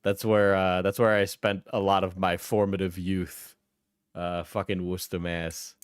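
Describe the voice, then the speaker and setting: A man's voice: sits low, level tone, measured pace, clean tone, no room sound, studio quality. A man in his twenties, a live streamer, chatting casually and telling rambling stories with lots of slang and swearing.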